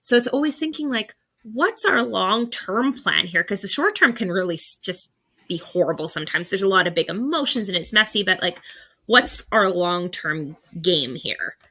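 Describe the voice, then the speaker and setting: A woman's voice: mid-range voice, expressive, fairly quick, pushed and bright, slightly rough. A woman hosting a parenting podcast, talking in a chatty way, full of "like" and "you know". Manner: chatty, lots of "like". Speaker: podcast host. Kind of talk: podcast interview.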